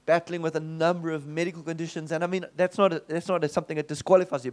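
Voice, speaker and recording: A male pastor telling a story in a sermon, animated and acting out the dialogue. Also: fairly high pitch.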